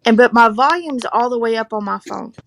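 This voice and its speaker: A woman's voice: a little high, a little fast, creaky, a little hiss or hum. A woman chatting casually and profanely on a live stream, rambling and laughing.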